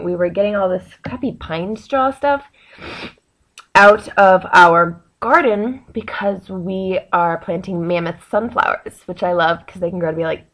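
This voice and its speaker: Young woman, rambling, excitable, casual home vlog, chatty. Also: lowish voice. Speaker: vlogger. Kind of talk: casual chat to camera.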